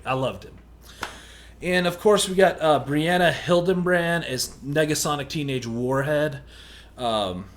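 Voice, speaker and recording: A man casually reviewing a movie in a rambling, candid way and swearing now and then. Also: mid-range voice. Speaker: film reviewer.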